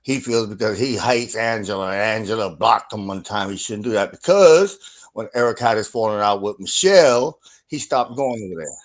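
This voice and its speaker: A man co-hosting a livestream, ranting casually in an animated, profane way with bursts of laughter. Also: on the low side, normal speed.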